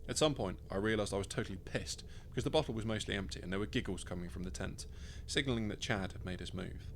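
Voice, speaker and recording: A man with a low voice reads his own story aloud in the first person. His delivery is dry and wry, in steady scripted narration. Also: fast, a little hiss or hum.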